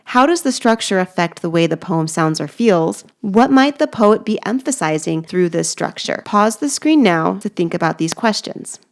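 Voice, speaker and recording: A woman English teacher narrating a lesson over slides, explaining clearly and patiently. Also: on the low side, lively intonation, normal speed, hardly any pauses.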